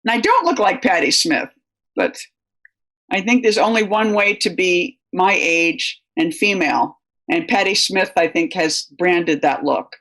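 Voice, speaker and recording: Older female writer, low and gravelly, loose anecdotal interview talk. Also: animated, a little slow, a bit bright. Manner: anecdotal, rambling, many fillers. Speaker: guest writer. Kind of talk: conversational interview answers.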